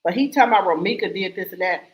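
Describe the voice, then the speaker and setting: A woman's voice: medium pitch, rapid-fire, rough recording. A woman co-hosting a casual gossip livestream, blunt and outspoken, swearing freely. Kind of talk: casual chat.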